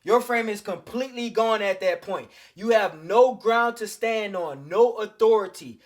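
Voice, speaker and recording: A man with a fairly high voice talks straight at the listener, blunt and profane, full of slang. He tells his own dating stories in a casual monologue and keeps calling his audience fellas. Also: unhurried. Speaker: dating advice host.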